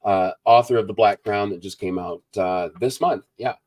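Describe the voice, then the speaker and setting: Low-voiced man hosting a casual live chat. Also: normal speed, darkish tone. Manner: rambling, reads viewer comments aloud. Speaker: book review channel host.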